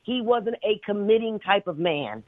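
A woman calling in to a radio show, a fast, chatty storyteller. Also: mid-range voice, animated, no echo. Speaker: caller. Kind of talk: telling a dream on a call-in show. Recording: tinny phone line.

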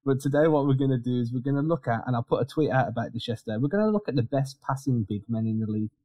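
A man co-hosting a casual sports podcast, talking in an animated, quick way with frequent restarts. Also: medium pitch, no room sound. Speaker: podcast co-host.

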